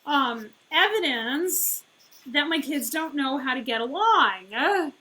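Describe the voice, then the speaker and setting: A woman's voice: high voice, expressive, slow, sharp tone, rough recording. A woman in her thirties who runs a business and coaches, talking casually in a conversational way, full of fillers and frequent "right?" check-ins. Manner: conversational, filler-heavy, keeps asking "right?". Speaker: business owner and life coach.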